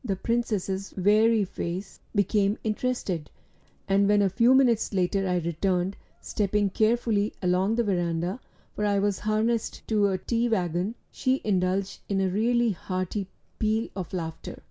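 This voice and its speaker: A woman narrating a storybook in a steady, clear reading voice. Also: mid-range voice, normal speed. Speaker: audiobook reader.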